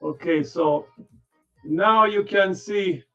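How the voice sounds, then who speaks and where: A man hosting a trading livestream, muttering to himself as he sets up his screen, tired and yawning, with sudden loud playful bursts. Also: sits high, takes it slowly. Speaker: livestream stock trading host. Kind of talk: rambling livestream chatter. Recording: dull lo-fi sound with faint music.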